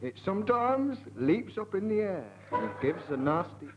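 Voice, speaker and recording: Lilting high-voiced man reciting verse. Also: very animated, moderate pace, over music. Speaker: comedy panelist. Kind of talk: improvised comic verse. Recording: dull, noisy radio archive.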